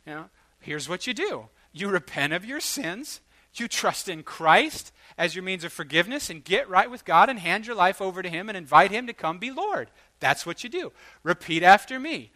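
A man delivers a sermon story with a bright, forward tone and a somewhat high voice. He acts out the people in his story, swinging from quiet asides to loud outbursts. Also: normal speed. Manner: animated, acts out quoted voices, rising to loud bursts. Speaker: preacher.

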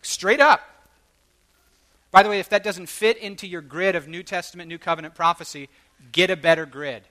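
A man delivers a sermon story with a bright, forward tone and a somewhat high voice. He acts out the people in his story, swinging from quiet asides to loud outbursts. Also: moderate pace. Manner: animated, acts out quoted voices, rising to loud bursts. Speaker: preacher.

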